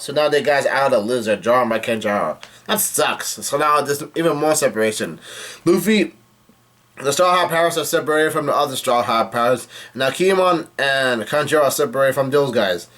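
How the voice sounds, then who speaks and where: A man giving a casual spoken recap of a comic chapter, rambling and halting with frequent fillers and restarts. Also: medium pitch, fairly bright tone. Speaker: manga chapter reviewer.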